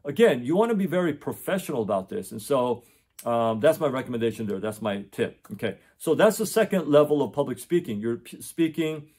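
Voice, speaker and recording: Indoors and picked up by his camera's mic, a middle-aged tutor speaks off the cuff in a mid-range, husky, slightly mellow voice. He's animated and a little fast, using lots of fillers and restarting his sentences.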